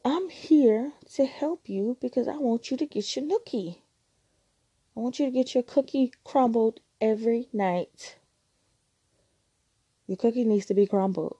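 A woman's voice: fairly high pitch, unhurried, long pauses, mellow, husky, no echo. A woman hosting a relationship advice podcast, talking frankly and teasingly in a casual monologue.

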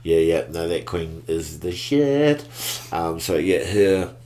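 Very deep-voiced New man telling stories. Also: moderate pace, a little mellow. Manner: laid-back slang, trails off and restarts. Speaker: guest. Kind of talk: casual storytelling chat.

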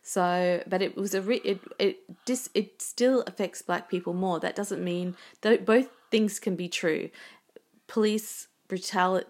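A woman's voice: mid-range voice, a little slow, darkish tone. A woman talking bluntly and swearing in a casual chat, co-hosting.

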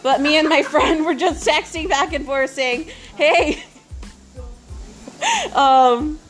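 A woman's voice: high voice, takes it slowly, faint music behind. A young woman telling a rambling story to the camera, full of fillers and frequent giggles. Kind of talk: casual storytelling.

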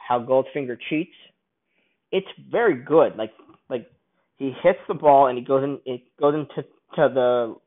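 A man casually reviewing a film, rambling and enthusiastic, often restarting his sentences. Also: medium pitch. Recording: tinny phone-like sound.

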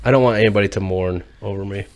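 A man's voice: fairly low pitch, racing, slight background noise. A man co-hosting a casual podcast, bantering and joking in a laid-back way. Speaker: podcast co-host.

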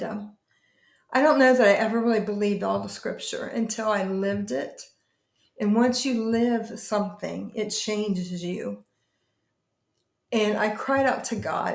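A woman pastor telling her personal testimony in an interview, earnest and emotional, often halting and restarting. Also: a little high, echoey room.

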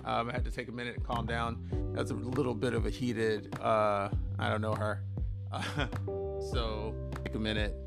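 A man's voice: fairly low pitch, level tone, normal speed, gravelly, over music. A man hosting a solo podcast. He talks bluntly, swears freely, and rambles with restarts and fillers. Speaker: podcast host.

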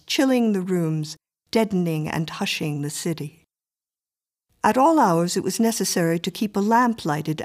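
A woman narrating a short story as an audiobook in a calm, measured way. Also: mid-range voice.

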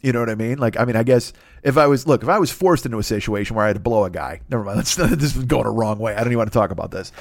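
Fast-talking man in a crude comic rant. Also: mid-range voice, lively intonation, vocal fry, no echo, clean studio sound. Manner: rambling, profane, jumps into mocking voices. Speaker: podcast host. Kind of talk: crude comedic monologue.

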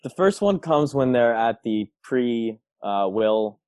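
A man's voice: medium pitch, expressive, slow pace, darkish tone, dry recording. A man co-hosting a podcast, casually retelling film scenes and laughing often. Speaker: podcast co-host.

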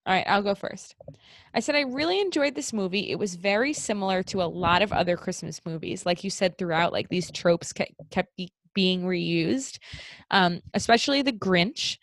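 A young woman co-hosting a casual chat, lively as she acts out the characters' lines. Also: mid-range voice, normal speed, no room sound, studio quality. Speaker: podcast co-host. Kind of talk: casual chat recapping a movie.

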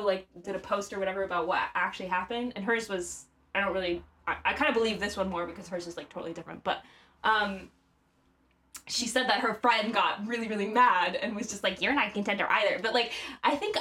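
A woman's voice: medium pitch, lively intonation, fast, fairly bright tone. A woman co-hosting a casual podcast, reading a story aloud with acted quotes and frequent laughter. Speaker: podcast co-host.

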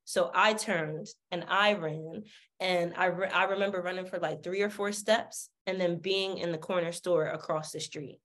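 A woman's voice: lowish voice, moderate pace. Woman guest on a podcast, sassy and candid, swears a lot, acts out everyone in her story. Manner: sassy, animated, swears freely, acts out the people she quotes.

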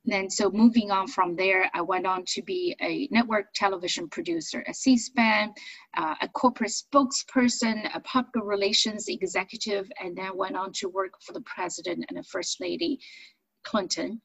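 A middle-aged woman from China, a native Chinese speaker, tells her story as an interview guest in a chatty, animated way. Her voice has a slightly husky edge, and the recording is dry and close with no room sound. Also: medium pitch, normal speed, no room sound, rough recording. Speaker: business owner and accent coach.

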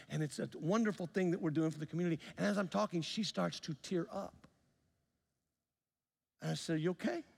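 A middle-aged man preaching a sermon as pastor, telling a story, acting out the dialogue and swinging from loud to soft. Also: high voice, creaky, long reverb tail. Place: church sanctuary.

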